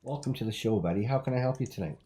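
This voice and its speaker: A man's voice: mid-range voice, very fast, dark tone. A man hosting a comedic call-in talk show with a theatrical, exaggerated announcer delivery.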